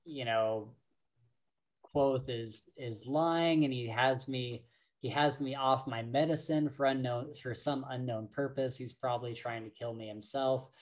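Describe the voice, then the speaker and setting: A man co-hosting a podcast, slowly and casually retelling book scenes with lots of fillers and restarts. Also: medium pitch, fairly even intonation. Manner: slow, rambling retelling full of fillers. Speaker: podcast co-host.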